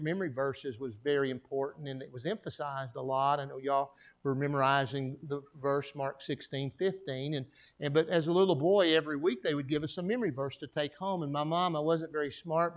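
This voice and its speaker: Folksy Texan preacher man. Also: on the high side. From Texas. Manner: folksy, calls for amens from the congregation. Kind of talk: sermon with personal testimony.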